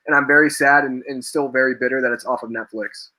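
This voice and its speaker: A young man hosting a live chat, excited and laughing, acting out quoted lines, his voice cracking from talking a lot. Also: mid-range voice, quick pace. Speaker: host. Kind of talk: casual live-stream chat.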